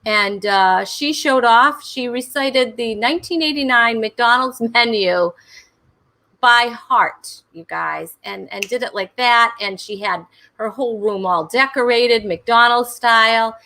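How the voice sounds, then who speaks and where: Bright-voiced chatty woman host. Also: on the high side, slow. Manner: chatty, rambling with many fillers and laughs. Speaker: comedy talk show host. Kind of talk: casual livestream chat.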